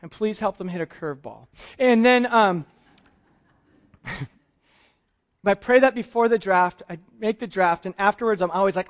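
A middle-aged male pastor with a high voice gives a casual, story-driven sermon, swinging between animated retellings of conversations and quieter, earnest moments. The recording sounds a little muffled. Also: normal speed, long pauses. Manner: animated storytelling, acts out both sides of dialogues, self-deprecating humor. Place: church service.

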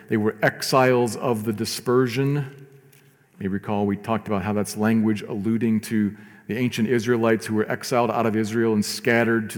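Lowish-voiced pastor guy preaching, earnest, goes loud then real soft, echoey church hall. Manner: earnest preaching, swings from emphatic to soft and slow. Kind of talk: sermon.

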